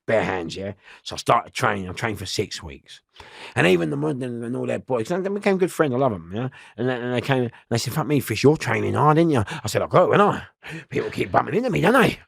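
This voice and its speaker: A man telling a prison story in an interview, animated and swearing, acting out voices and laughing often. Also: medium pitch, gravelly, husky, no room sound, studio quality. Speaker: interview guest.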